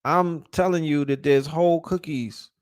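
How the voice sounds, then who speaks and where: A man's voice: on the high side, steady tone, normal speed, no room sound, studio quality. Heated, profane man ranting. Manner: repeats and restarts words when fired up. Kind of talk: casual rant.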